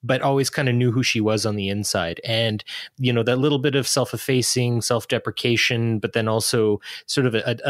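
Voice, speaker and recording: A man's voice: lowish voice, a bit bright, dry recording, studio quality. A man appearing as a guest on a casual podcast discussion, chatty and effusive.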